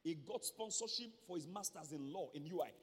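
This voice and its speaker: A man with a Nigerian accent preaching a sermon as pastor, emphatic and repetitive, rising at times to shouts. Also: on the high side, animated, fairly quick, breathy edge. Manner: emphatic, repeats words, rises to shouts. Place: church hall. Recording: long church hall reverb.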